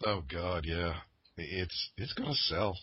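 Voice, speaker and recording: A man's voice: deep voice, takes it slowly, slightly rough. A man co-hosting a casual podcast chat, hesitant, with many fillers and restarts. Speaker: podcast co-host. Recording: dull lo-fi sound.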